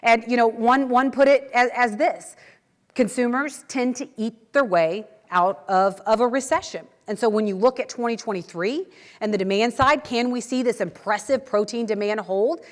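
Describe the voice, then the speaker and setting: American woman, conference talk, chatty storyteller, fairly high voice, reverberant hall. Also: normal speed. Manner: chatty storytelling with repeated words and restarts. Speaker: agriculture news host giving a talk. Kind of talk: conference presentation. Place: meeting hall.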